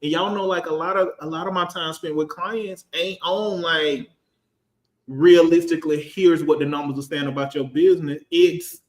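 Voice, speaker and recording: A man in his thirties, a finance professional on a casual panel, talking in an animated, storytelling way. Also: on the high side, normal speed, echoey room. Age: 30s. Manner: animated, storytelling, acts out quotes.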